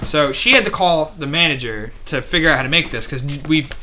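A young man chatting casually on a podcast, telling animated work stories and jumping into high voices to quote people. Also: fairly quick, slight background noise. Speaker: podcast co-host. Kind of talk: casual chat.

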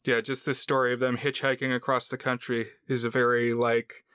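A man with a bright, smooth voice talks films on a podcast. The sound is dry and close, and his manner is relaxed with dry jokes. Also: mid-range voice, brisk, no room sound. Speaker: podcast co-host. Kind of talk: casual film chat.

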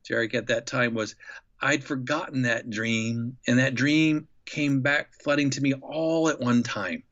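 A man telling an enthusiastic, reflective story as a guest in an interview, with many pauses and fillers. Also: mid-range voice, fairly even intonation, fairly bright tone, highs cut off.

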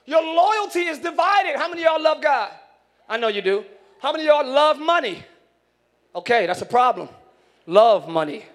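A male pastor preaching a sermon in church, moving from loud shouted lines to quick casual asides. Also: extremely high pitch, big pitch swings.

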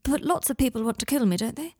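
A woman's voice: animated, quick pace, a little mellow, husky, dry recording, clean studio sound. A woman doing a dazed, fragile young wizard. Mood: bewildered. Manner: faint, bewildered, high questioning lilt.

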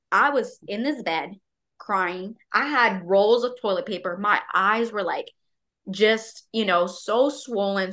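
A woman talking candidly as a podcast guest, expressive and loose, full of filler words and acted-out quotes. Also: medium pitch. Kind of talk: candid casual conversation.

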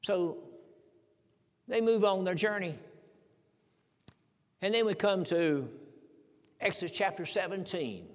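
High-voiced older preacher in a reverberant hall. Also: male voice, slow pace, long pauses. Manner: earnest, repeats key phrases for emphasis. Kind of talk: sermon. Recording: long reverb in a large hall.

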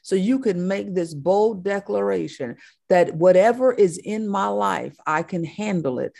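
A woman's voice: medium pitch, lively intonation, unhurried, gravelly, darkish tone. A woman preaching a sermon, impassioned, driving her points home with emphatic repetition.

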